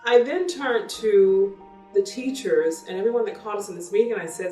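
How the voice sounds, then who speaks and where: A woman's voice: mid-range voice, brisk, recorded from a distance. Woman telling a story in an echoey room. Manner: candid, animated retelling with quoted dialogue. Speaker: parent vlogger. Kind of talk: casual storytelling. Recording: echoey room, voice from off-mic, faint music.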